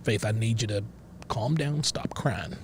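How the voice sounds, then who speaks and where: A man voicing a bigoted, stern middle-aged backwoods father with a slow, drawling rural Southern accent and a lecturing manner. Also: on the low side, slight background noise, lightly acted. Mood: stern, interrogating. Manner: lecturing, interrogating, self-righteous. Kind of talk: improvised character voice on a livestream.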